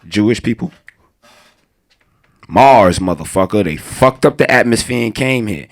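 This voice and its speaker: A man's voice: lowish voice, lively intonation, measured pace, gravelly. A young man doing a crude, rambling stand-up comedy set, laughing at his own jokes.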